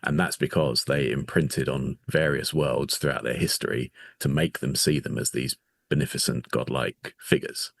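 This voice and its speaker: A man's voice: extremely low pitch, steady tone, normal speed, creaky, no room sound, clean studio sound. A man co-hosting a podcast, reading out facts in a nerdy, casual way. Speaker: podcast co-host. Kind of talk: casual chat.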